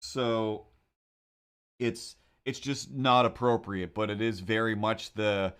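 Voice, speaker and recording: A man's voice: lowish voice, flat delivery, takes it slowly, a bit bright, smooth. A man hosting a drawing livestream, chatting casually in a rambling, sarcastic way with frequent restarts. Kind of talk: casual chat.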